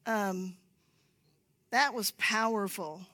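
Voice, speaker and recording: She is a woman speaking from a church platform at an unhurried, deliberate pace, telling stories to the congregation. Her voice sits at an ordinary middle pitch, and now and then she sinks into a hushed whisper to press a point home. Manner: storytelling, drops to a whisper for emphasis. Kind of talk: sermon-style teaching. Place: church sanctuary.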